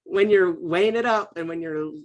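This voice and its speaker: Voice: mid-range voice, moderate pace, lo-fi sound. A game master running a tabletop game in a casual, laid-back way, with lots of fillers.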